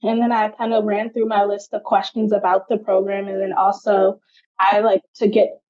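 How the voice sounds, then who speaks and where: A woman's voice: mid-range voice, level tone, moderate pace, a little mellow, muffled recording. A young adult woman, a genetic counselor, answering interview questions in a chatty way, often saying "like".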